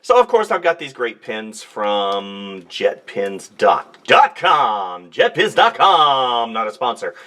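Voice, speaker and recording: Low-voiced man chatting while he draws. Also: big pitch swings, slow, few pauses, bright, forceful tone. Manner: rambling, jokey, talks to himself while drawing. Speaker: artist. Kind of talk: casual drawing demonstration. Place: home studio desk.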